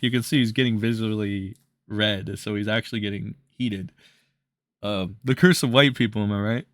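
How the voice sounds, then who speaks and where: A man's voice: fairly low pitch, fairly even intonation, normal speed, a bit bright. A man hosting a reaction commentary, ranting in a profane, mocking way. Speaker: commentary host.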